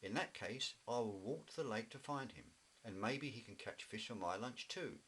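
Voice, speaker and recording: A man's voice: on the low side, expressive, moderate pace, fairly bright tone, slight background noise. A man voicing an eager, bossy young boy bear in a children's storybook reading. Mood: friendly.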